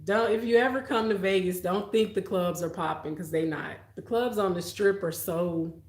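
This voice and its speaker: A woman's voice: lowish voice, moderate pace, darkish tone. Laughing woman streamer, echoey room. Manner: laughs often, storytelling, reads viewer comments. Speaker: live streamer. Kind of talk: late-night live stream chat.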